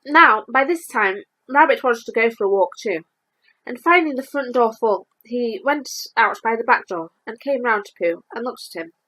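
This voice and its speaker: Expressive woman reading a storybook aloud. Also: a little high, rough recording. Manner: lively, expressive reading with slowed emphases.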